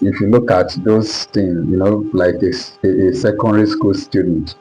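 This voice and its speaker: Low-voiced teacher checking understanding. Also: male voice, fairly even intonation, normal speed, few pauses, mellow, faint music behind, rough recording. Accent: Nigerian English. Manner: repetitive, keeps checking understanding. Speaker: English pronunciation teacher. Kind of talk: classroom lesson at a board.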